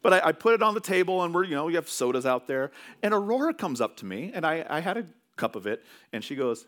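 Guy preaching, lively up and down voice, tells stories, keeps restarting sentences. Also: on the high side, fairly quick. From California. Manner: conversational storytelling with many restarts. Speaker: pastor. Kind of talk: sermon.

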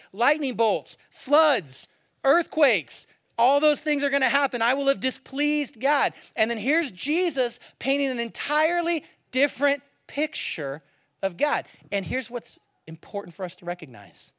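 Pastor, male, thirties, high and dry close-miked voice, animated sermon storytelling with big loud-to-soft swings. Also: gravelly, dry recording.

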